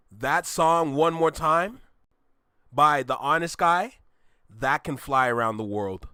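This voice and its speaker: A young man hosting a music reaction, talking casually with loud outbursts and hushed awe. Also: on the high side, takes it slowly, smooth, no echo, clean studio sound.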